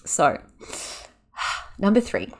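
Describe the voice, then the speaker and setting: A woman hosting a podcast who speaks with gentle, soothing guidance, leading a breathing exercise and talking with lively energy between exercises. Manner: gentle, soothing, unhurried guiding; animated and quick when excited. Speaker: podcast host and yoga teacher. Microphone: podcast microphone.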